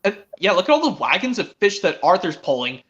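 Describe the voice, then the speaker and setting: A man hosting a stream, chatting excitedly as a fan and rambling with frequent restarts. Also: sits high, fairly quick. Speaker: stream host. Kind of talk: casual fan chat. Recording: dull lo-fi stream audio.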